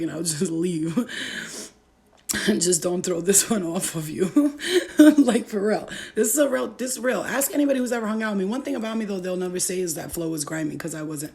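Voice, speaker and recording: A woman's voice: fairly low pitch, brisk, creaky, a little mellow. A young woman vlogger telling a story in a blunt, profane way and laughing often. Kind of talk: storytime vlog.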